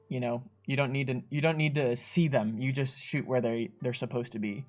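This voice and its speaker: A man's voice: medium pitch, a little fast, hardly any pauses, soft background music. A man co-hosting a game studio livestream, chatting casually, laughing often and reading out viewer chat. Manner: chatty, laughs often, animated when mimicking players. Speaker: streamer co-host reading chat.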